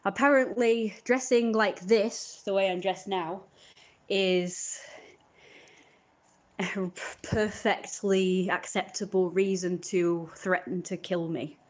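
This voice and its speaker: A woman's voice: mid-range voice, fairly even intonation, takes it slowly. A woman on a live stream, telling a long rambling story in an indignant tone.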